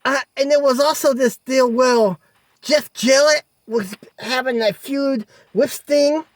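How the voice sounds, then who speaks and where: A woman's voice: sits high, slow, dry recording. A woman co-hosting a casual wrestling talk show, eagerly booking matches and acting out promos in quoted voices. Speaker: podcast co-host.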